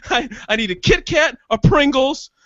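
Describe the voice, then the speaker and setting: A podcast co-host with a notably high voice, cursing and laughing his way through a long tale. The sound is dry and close, with slightly muffled top end. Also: lively intonation, measured pace, a bit bright, no echo. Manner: profane rambling storyteller, laughs often. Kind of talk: casual comedic chat.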